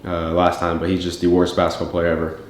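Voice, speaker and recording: A man's voice: low-pitched, monotone, fast, echoey room. A young man recalling a friend in a documentary interview, teasing him dryly. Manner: dry teasing storytelling.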